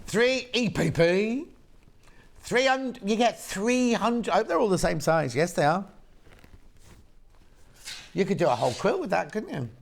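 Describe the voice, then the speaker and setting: British guy hosting a shopping show, chatty and camp, voice bouncing up and down, kinda high for a guy. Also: unhurried, vocal fry, long pauses. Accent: British English. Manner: chatty, camp and lively, reads out viewer messages. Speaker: shopping channel presenter. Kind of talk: live TV sales chat. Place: TV studio.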